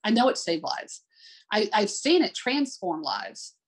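A woman's voice: mid-range voice, big pitch swings, a little slow, breathy edge. A woman working as an adaptive sports swim coach, telling candid, heartfelt stories in an interview. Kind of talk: conversational interview storytelling.

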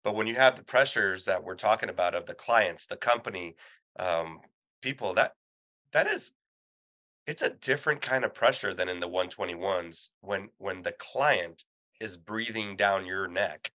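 Brief: male guest, deep and bright-edged, measured and earnest delivery. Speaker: guest, corporate pilot. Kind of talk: casual conversation.

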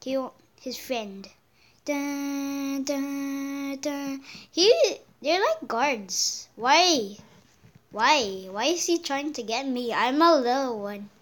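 A woman giving casual gameplay commentary, taunting other players and swinging between loud yelps and murmured asides. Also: fairly high pitch, lively intonation, takes it slowly.

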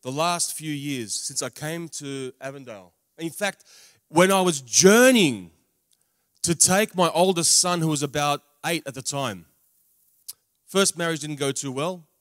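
Male preacher with a fairly high voice, dramatic emphasis and wry humor. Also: no echo, clean studio sound. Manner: dramatic swings in loudness, drawn-out emphatic words; humorous asides. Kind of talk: testimony sermon. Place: large camp meeting venue.

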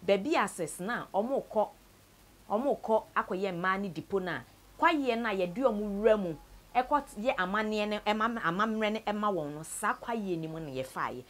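A Ghanaian woman telling a sad story from her own life, mixing Twi and English, her voice often sinking low and quiet. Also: animated, normal speed. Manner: tells a sad story, switches between Twi and English, voice sinks low and soft. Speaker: interviewee. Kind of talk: personal story told to camera.

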